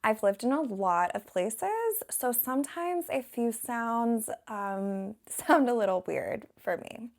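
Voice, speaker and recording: American woman with a gravelly, fry-edged voice. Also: a little high, slow pace, few pauses. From Southern United States. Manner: relaxed, rambling, laughs often. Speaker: English teacher. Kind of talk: casual chatty talk to camera.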